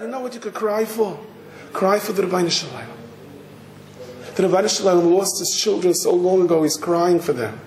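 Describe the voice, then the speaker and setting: A rabbi telling a story in a sermon, animated and dramatic. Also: male voice, sits high, a little fast. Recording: echoey hall, faint noise.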